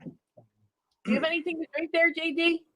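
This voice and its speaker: A woman's voice: extremely high pitch, flat delivery, brisk, sharp tone. A woman chatting casually and teasing the men beside her. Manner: teasing, laughing often. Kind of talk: casual chat.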